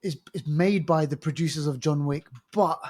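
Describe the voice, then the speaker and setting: A man's voice: on the high side, moderate pace, a little mellow. A man with a London accent co-hosting a film podcast, chatting casually and rambling with lots of fillers and restarts. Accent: London English. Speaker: podcast co-host.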